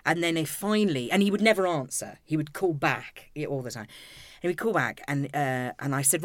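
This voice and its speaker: A middle-aged woman with a notably low voice that swoops up and down as she tells a personal story frankly. She is an animated guest, and her voice sounds dry and close. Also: fairly quick, hardly any pauses, dry recording.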